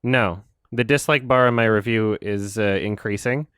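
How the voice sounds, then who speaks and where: Young guy on a podcast, low smooth voice, dry, rambles and jokes fast. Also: a bit bright, no room sound. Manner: fast, rambling and sarcastic, laughs often. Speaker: podcast co-host. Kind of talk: casual chat.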